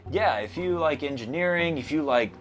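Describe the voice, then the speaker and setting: A man's voice: on the high side, animated, normal speed, soft background music. A man talking as a guest in a casual chat. He rambles and restarts often, with plenty of fillers. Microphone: lapel mic.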